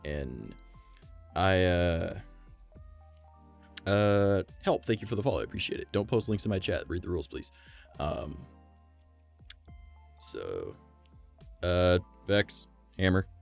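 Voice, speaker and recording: A man streaming from home, chatting casually with a gravelly, vibrating voice, rambling and swearing. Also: low voice, big pitch swings, slow, pauses often, faint music behind. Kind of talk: casual live-stream chat.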